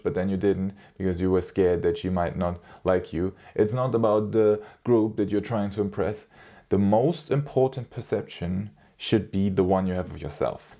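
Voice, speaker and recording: Low, mellow-voiced young man ranting. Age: young adult. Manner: blunt and profane, slangy. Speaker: dating advice youtuber. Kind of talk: casual advice monologue.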